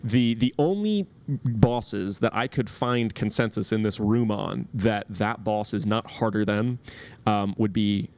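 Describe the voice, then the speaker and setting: A man's voice: on the low side, measured pace, darkish tone. A man co-hosting a casual gaming talk show, speaking in long, analytical runs full of restarts and fillers. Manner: rambling, many restarts and fillers. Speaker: podcast co-host.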